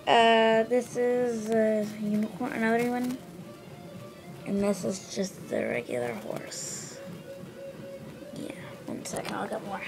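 A woman showing her drawings in a casual show-and-tell, hesitant, with lots of ums and quick self-corrections. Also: fairly high pitch, creaky, music in the background.

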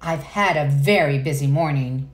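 A woman's voice: low voice, moderate pace, reverberant, voice pushed down, lightly acted. A woman voicing a sleepy, puzzled young male dog in a picture book, sounding a little hesitant.

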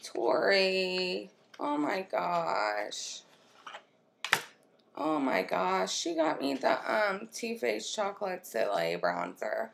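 Slow, gravelly-voiced woman gushing over makeup. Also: on the low side, a little hiss or hum. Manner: gushing, excitable, talks to her viewers and her friend. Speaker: makeup vlogger opening a swap box. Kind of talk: casual unboxing chat. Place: at home, with her children nearby.

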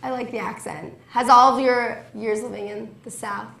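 A woman's voice: fairly high pitch, fairly even intonation, moderate pace, creaky, a bit bright. Bubbly young woman co-host, mock-offended. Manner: playful, mock-offended, laughs easily. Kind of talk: casual morning show banter. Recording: echoey room.

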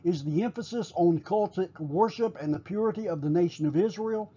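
A man teaching a recorded class, explaining at a measured pace with frequent pauses and fillers. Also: high voice, warm tone, husky, dull audio.

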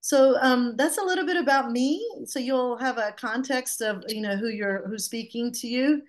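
A woman's voice: fairly high pitch, moderate pace. A middle-aged woman with a Southern US accent from Georgia, presenting on a webinar over a video call in a chatty, playful, self-joking way. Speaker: guest speaker.

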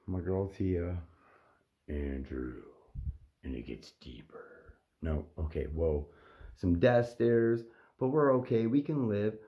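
A man's voice: on the low side, lo-fi sound. A man vlogging from a motel room, joking and swearing in a rambling way. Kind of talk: casual chat to camera.

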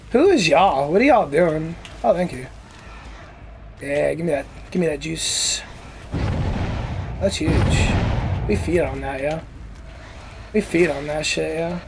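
High, lively cocky gamer man. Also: slow, long pauses, slight background noise, rough recording. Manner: cocky trash talk with heavy swearing. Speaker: gaming channel host. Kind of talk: casual gameplay commentary.

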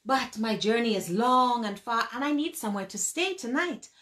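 A woman's voice: a little high, animated, normal speed, fairly bright tone. A woman telling a folk tale and voicing a sly, boastful male spider trickster who wheedles and exclaims theatrically. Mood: wheedling.

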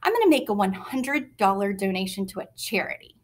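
A woman's voice: medium pitch, big pitch swings, fairly quick. A woman voicing a bold, smug young girl in a storybook reading. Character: small bold girl, smug little sister.

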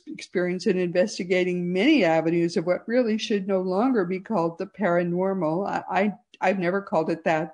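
Enthusiastic American woman talk host. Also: mid-range voice. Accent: neutral American. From Massachusetts, USA. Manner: enthusiastic, lively, chatty. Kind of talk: radio talk show interview.

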